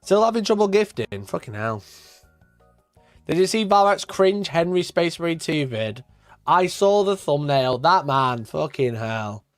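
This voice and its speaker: A man's voice: on the high side, big pitch swings, unhurried, no echo, faint music behind. A man from Sheffield with a Yorkshire accent, chatting casually on a live stream, swearing and laughing often as he rants. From Sheffield, Yorkshire, England. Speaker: wargaming streamer.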